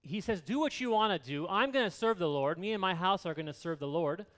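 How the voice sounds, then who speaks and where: A man's voice: sits high, expressive, brisk, fairly bright tone. A man in his thirties preaching a sermon in an earnest, conversational way, repeating key words for emphasis. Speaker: pastor.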